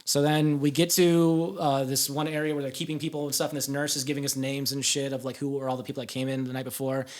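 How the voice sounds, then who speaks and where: A man's voice: medium pitch, little pitch movement, quick pace, few pauses. A young man on a podcast telling a story in a rambling, casual way, full of fillers and swearing. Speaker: podcast guest.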